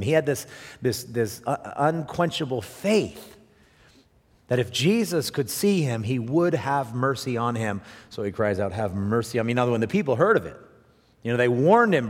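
A man preaching a sermon, animated, swinging from raised emphasis to quiet asides and often repeating words as he thinks aloud. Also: medium pitch. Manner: animated preaching, rising and dropping to near hush for emphasis. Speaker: pastor. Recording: long hall reverb.

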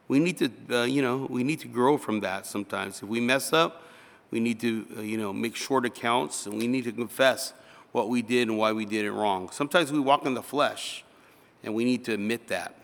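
A man's voice: medium pitch, normal speed, gravelly, a bit bright. A male pastor giving a conversational sermon, acting out little dialogues. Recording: reverberant hall.

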